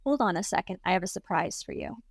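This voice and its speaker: A woman putting on the voice of a threatening man, quiet and low, in a dry room. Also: animated, quick pace, gravelly, dry recording. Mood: menacing. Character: menacing man, low and sinister.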